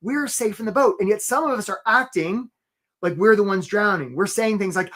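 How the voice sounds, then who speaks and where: A man with a somewhat high, slightly bright voice speaks at a normal speed. He gives a motivational career coaching talk in a live webinar, frequently checking in with "right?".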